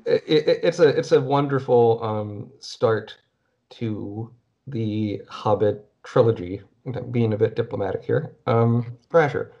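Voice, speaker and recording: A man's voice: mid-range voice, takes it slowly. Chatty male podcast host, lo-fi sound. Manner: rambling, self-interrupting, chatty. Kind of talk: casual chat. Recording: dull lo-fi recording.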